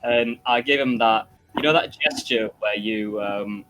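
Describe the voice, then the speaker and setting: A man's voice: medium pitch, measured pace, a bit bright, soft background music. A man playing a tabletop game, chatting in a playful, rambling way. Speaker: player. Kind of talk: casual tabletop game chat.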